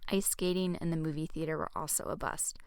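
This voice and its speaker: A woman reading her own romance novel aloud in a soft, hushed first-person narration. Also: sits low, a little fast, clean tone, no room sound, clean studio sound. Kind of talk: audiobook narration.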